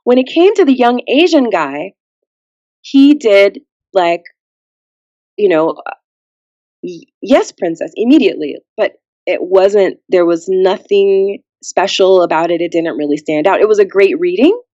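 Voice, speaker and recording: A woman's voice: mid-range voice, measured pace, long pauses, no room sound, lo-fi sound. A woman guest on a podcast, chatting casually and acting out the people in her story. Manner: animated storyteller who acts out quotes.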